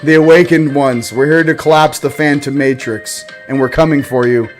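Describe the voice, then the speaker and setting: A man hosting a spiritual livestream in casual chat, rambling and joking and swinging between loud bursts and quiet asides. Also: a little high, fairly even intonation, moderate pace, soft background music.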